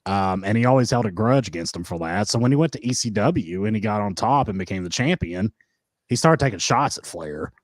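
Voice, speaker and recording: A man's voice: lowish voice, fairly quick, no echo. A man co-hosting a casual wrestling review podcast, laughing often and telling stories with energy. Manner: laughs often, animated storytelling. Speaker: podcast co-host.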